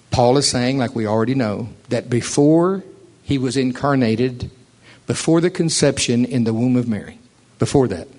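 An earnest man teaching a Bible lesson at a middle pitch. He reads scripture aloud and stresses his points with emphasis. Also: darkish tone.

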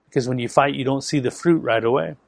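A man's voice: mid-range voice, fast, gravelly, no echo. A man preaching a sermon, telling a story with emphatic delivery. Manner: storytelling with acted quotes, emphatic.

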